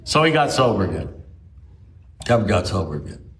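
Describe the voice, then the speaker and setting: A man's voice: low-pitched, big pitch swings, a little fast, creaky, far from the mic, slight background noise. A man telling rambling stories with lots of restarts to a recovery group, recorded at a meeting. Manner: rambling anecdotal storytelling with frequent restarts. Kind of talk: storytelling talk to a recovery group. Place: meeting room.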